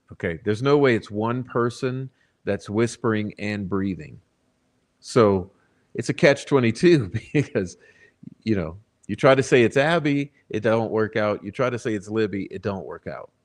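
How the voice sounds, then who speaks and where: Livestream host, male, lowish voice, insistent talker who repeats himself while making his case. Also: lively intonation, moderate pace. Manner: insistent, repeats words while arguing a point. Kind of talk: casual livestream commentary.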